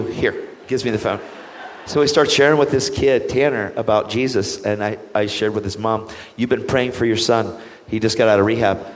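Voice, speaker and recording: A man's voice: medium pitch, long reverb tail. A man, an evangelist guest, telling a testimony with animation and acting out the people he quotes. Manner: animated, acts out quoted voices. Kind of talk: storytelling testimony.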